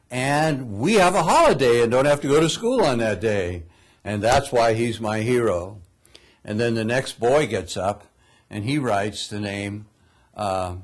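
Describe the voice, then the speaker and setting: Older guy preacher telling a movie story to the congregation, lowish voice, chuckles here and there. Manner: storytelling, chuckles at own stumbles. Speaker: pastor. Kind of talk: sermon retelling a film plot.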